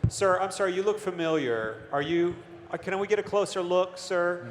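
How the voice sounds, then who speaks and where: Male panel host, high-ish, upbeat, long hall reverb, audience murmur. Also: moderate pace, slight background noise. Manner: upbeat, prompting. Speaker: panel moderator. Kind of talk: live panel hosting. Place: large convention hall with audience. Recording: echoey convention hall with crowd.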